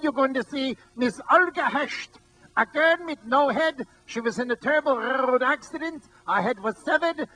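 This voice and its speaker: A man voicing a brash male sideshow barker from the 1930s, loud and showy, on a stage before a live audience. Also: exaggerated voice, poor audio. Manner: loud, showy pitchman patter.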